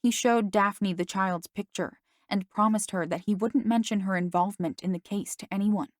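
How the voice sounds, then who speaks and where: A woman narrating a first-person novel as an audiobook, in a steady storytelling manner. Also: mid-range voice, normal speed, dry recording, clean studio sound.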